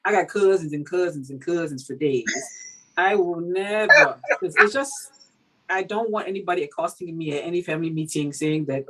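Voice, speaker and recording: A woman from Cameroon, an author being interviewed, talking in a casual, animated way with many fillers and laughs. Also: lowish voice, moderate pace, poor audio. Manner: animated, laughing, full of fillers like "you know". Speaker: author guest.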